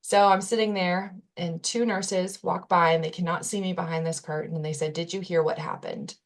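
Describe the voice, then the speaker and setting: A woman with a lowish voice for her sex talks through a personal story as a podcast guest. She sounds earnest and candid, with casual fillers and self-corrections along the way. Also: steady tone, normal speed. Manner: earnest, candid retelling with frequent "like" and restarts.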